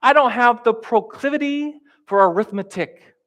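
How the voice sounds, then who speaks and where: A sulky schoolkid whining out an excuse in a high, pinched voice, as a preacher puts it on. The tone is petulant and the words come out in a complaining sing-song. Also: male voice, normal speed, fairly bright tone. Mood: whiny.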